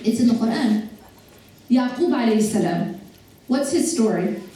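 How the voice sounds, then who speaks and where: A woman with a high, mellow voice gives a religious talk, speaking slowly. She keeps turning to the audience with direct questions and slips into casual slang. Her voice rings through a very echoey hall and is picked up from some distance. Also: lively intonation. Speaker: Islamic lecturer. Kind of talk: religious lecture to a live audience.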